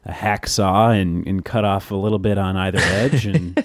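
A man's voice: sits low, steady tone, moderate pace, dry recording, studio quality. A man hosting a casual tech podcast, chatty and laughing often, with plenty of fillers. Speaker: podcast host.

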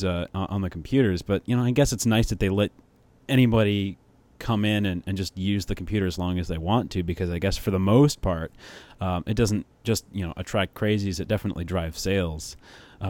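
A man with a fairly low voice hosts a casual tech podcast, often stalling on fillers and restarting his sentences. The sound is dry and close, with no room around it. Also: a little fast, darkish tone, dry recording. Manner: hesitant, many fillers and restarts. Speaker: podcast host.

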